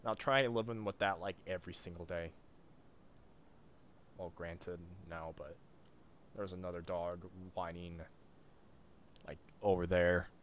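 A man casually commenting on his own horror gameplay, muttering to himself with sudden loud outbursts. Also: low voice, steady tone, a little slow, pauses often, a little hiss or hum. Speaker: streamer playing a horror game.

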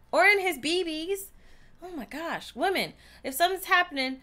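Speaking at normal speed in an extremely high, animated voice, a woman streams herself playing a story game, soft music in the background. Her let's-play commentary is casual, chatty, and outspoken, with loud reactions to the plot.

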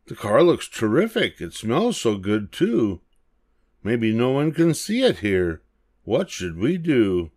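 A man's voice: medium pitch, big pitch swings, slow, a little mellow. An older man voicing a gang of eager, fretting little monkey kids in a storybook reading. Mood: excited, fretting.

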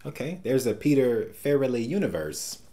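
A man's voice: medium pitch, sing-song, moderate pace, creaky, warm tone. Wisecracking man hosting movie reactions. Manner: jokey, wisecracking asides. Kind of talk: casual reaction commentary.

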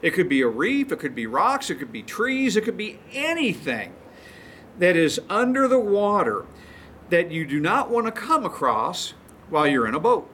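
A man's voice: sits high, big pitch swings, normal speed, fairly bright tone, a little hiss or hum. A male pastor teaching a sermon, retelling stories in a folksy, chuckling way.

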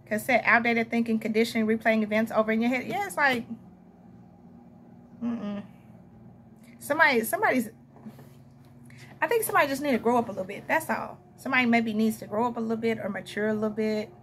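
A young woman with a Southern US drawl talks through a tarot reading, rambling and chatty, breaking off for quick laughs and asides to her viewers. Her voice sits a touch higher than most, and a faint hiss of noise runs under the recording. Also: fairly bright tone. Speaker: tarot reader. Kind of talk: casual tarot reading monologue.

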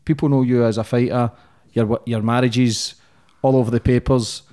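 A man from Glasgow with a Glaswegian accent, hosting a podcast interview in a relaxed, casual way with short questions and nods. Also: mid-range voice, normal speed. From Glasgow, Scotland. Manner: relaxed, brief affirmations and questions. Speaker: podcast host.

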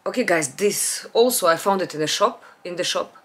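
A woman, chatting casually in a home vlog, rambling with restarts and letting her voice trail off low and quiet. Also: expressive, moderate pace. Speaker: beauty vlogger. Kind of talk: casual perfume haul chat. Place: home, natural light.

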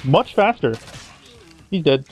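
A man's voice: on the high side, lively intonation, slow pace, faint music behind. A man commentating over his own video game playthrough, sarcastic and mock-dramatic, swearing casually. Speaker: gameplay commentator. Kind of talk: sarcastic let's-play commentary.

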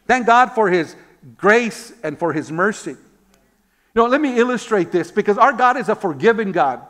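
A man's voice: high-pitched, a bit bright. A man preaching a sermon as pastor, telling stories, asking rhetorical questions and calling out amen. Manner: repeats words when searching for them.

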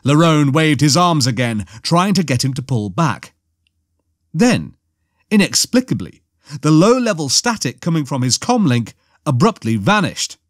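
A man narrating an audiobook in a steady, even storytelling manner. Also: fairly high pitch, a little slow, no room sound, clean studio sound.

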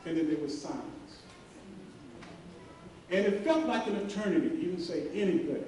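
Middle-aged male commencement speaker, dark voice, earnest and pausing, heard from afar in a very echoey hall. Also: sits high, lively intonation. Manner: earnest storytelling, with many pauses and fillers. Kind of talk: graduation speech. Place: large hall. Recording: very echoey hall, voice from far off, faint hiss.

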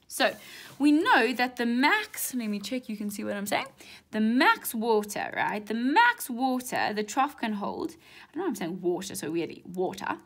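A woman's voice: a little high, gravelly, fairly bright tone, slightly rough. A young woman with a South African English accent, talking through an exam question as a maths teacher in a chatty way, often checking in with "right?". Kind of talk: exam walkthrough lesson.

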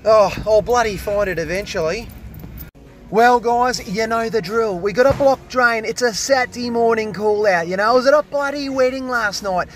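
An excitable Australian tradesman with a high voice, joking his way through a drain job in heavy slang. He sounds hungover but keeps the energy up, with faint music under him. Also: moderate pace. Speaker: drain plumber vlogger. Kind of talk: casual on-the-job vlog. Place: restaurant on a job site, walking around.

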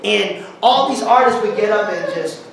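Man, preacher, high voice, animated slangy sermon, distant mic, booming hall echo. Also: normal speed, vocal fry, a little hiss or hum. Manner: animated, bursts into song and shouts while retelling; slangy street talk. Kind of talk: informal sermon storytelling. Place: church hall.

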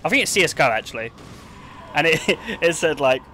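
A man's voice: fairly high pitch, measured pace, long pauses, noisy background. Rambling young man streaming. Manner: rambling, lots of "like" and swearing. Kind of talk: casual gameplay chat.

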